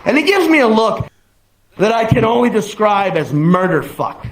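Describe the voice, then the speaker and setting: A young man doing stand-up, telling an animated story and laughing through it. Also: sits high, normal speed. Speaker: stand-up comedian. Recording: roomy stage sound with background noise.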